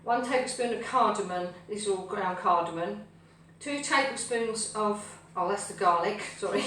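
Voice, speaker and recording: Cheerfully rambling to her pets and viewers, a woman hosts a live cooking stream from her home kitchen. Her mid-range voice is fairly bright and moves at a normal speed. The recording is distant and echoey, with a faint hum.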